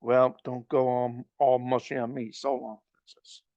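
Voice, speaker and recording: A man voicing a cocky, gruff smuggler who teases and scolds in a storybook reading. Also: mid-range voice, level tone, unhurried, a little mellow, highs cut off, natural voice. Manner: gruff, stern, teasing. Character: cocky roguish male smuggler, gruff and teasing.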